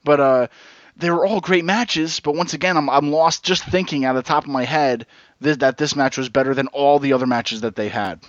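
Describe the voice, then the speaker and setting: A man's voice: on the high side, a little fast, no room sound. A man co-hosting a casual podcast, rambling and losing his thread with lots of restarts. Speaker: podcast co-host. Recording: dull, dry lo-fi recording.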